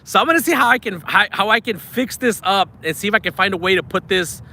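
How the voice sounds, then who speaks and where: A man's voice: sits high, brisk, creaky, pushed and bright. A man hosting a live fishing stream from a riverbank, chatty, thankful and a bit out of breath. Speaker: fishing livestream host. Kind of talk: live-stream chat reading super chats. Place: outdoors at a riverbank.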